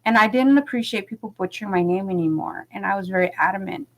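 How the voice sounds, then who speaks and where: Woman vlogger, candid personal storyteller, casual and filler-heavy, mid-range pitch. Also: fast, few pauses, low-quality recording. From Los Angeles, United States. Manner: chatty and candid, with many fillers and frequent laughs.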